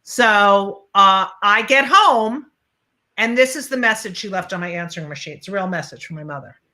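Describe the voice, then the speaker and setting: A woman comedian telling a comic story in an animated way. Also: medium pitch, normal speed. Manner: animated, acts out voices, many fillers. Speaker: comedian guest.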